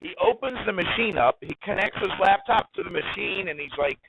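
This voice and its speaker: A man telling a story as an interview guest, animated and excitable as he talks. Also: sits high, a little fast, creaky, highs cut off, crowd noise. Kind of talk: casual storytelling.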